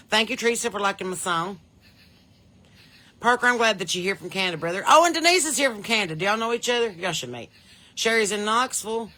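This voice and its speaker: This podcast host, a woman with a Southern US accent, greets livestream viewers by name and home state in a casual, chatty, folksy way. Her mid-range voice sounds pushed and bright.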